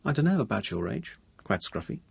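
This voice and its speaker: A man reading the part of a calm, reassuring young woman, the narrator's partner, in a husky raised voice for an audiobook. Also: on the low side, fairly quick, dry recording, full character voice. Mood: offhand.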